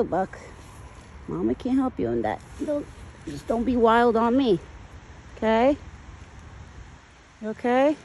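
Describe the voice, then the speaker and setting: A woman's voice: medium pitch, a little mellow, a little hiss or hum. A woman filming outdoors among trees and talking to her pet deer in doting baby talk, laughing often. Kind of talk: casual vlog narration.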